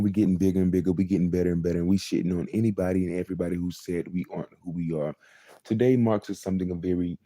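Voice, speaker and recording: A man's voice: low voice, warm tone, no echo, clean studio sound. A man in his twenties hosting his own live show, talking in a rambling, repetitive monologue about himself. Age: 20s. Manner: rambling and repetitive, many fillers. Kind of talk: casual confessional monologue.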